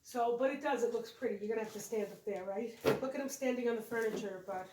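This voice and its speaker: A woman who co-hosts a home decorating channel shows off holiday decorations in a room with a decorated tree, chatting and rambling while correcting herself. Her voice is a little high and fast, with a noisy background. The room is echoey and the mic sits at a distance.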